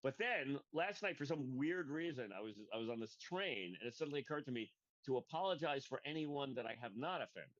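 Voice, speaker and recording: A man's voice: medium pitch, lively intonation, fairly quick, fairly bright tone, no room sound. A man co-hosting a comedy podcast, talking in a rambling casual way full of restarts and tangents, on a dull lo-fi recording. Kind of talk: casual chat. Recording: dull lo-fi sound.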